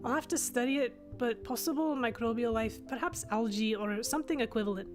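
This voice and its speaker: A woman putting on a high calm robot officer with a Scottish lilt. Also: brisk, close to an everyday voice. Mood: analytical. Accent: attempted Scottish. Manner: clipped factual reports. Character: female robot science officer, calm and precise. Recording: music playing underneath.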